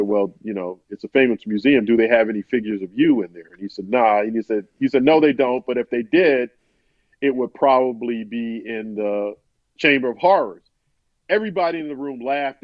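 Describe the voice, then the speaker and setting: A man's voice: mid-range voice, a little fast, no echo. A man, a sportswriter, telling an interview story in a rambling conversational way, often restarting and quoting others. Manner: rambling, many restarts, quotes others in his own voice. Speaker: sportswriter guest. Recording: dull, dry podcast audio.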